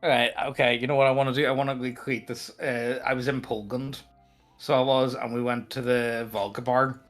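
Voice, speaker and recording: Dude at a tabletop game rambling and joking, lots of like and you know, mid pitch, faint music behind. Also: male voice, flat delivery, a little fast. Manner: rambling, joking storyteller with many fillers. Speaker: player. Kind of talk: casual tabletop role-play chat.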